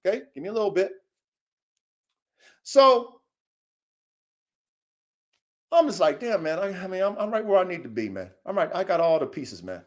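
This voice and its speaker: A man, rambling through a profane, repetitive, preachy monologue that swings between low mutters and loud outbursts. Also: very animated, brisk. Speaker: dog breeder and vlogger. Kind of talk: casual unscripted monologue.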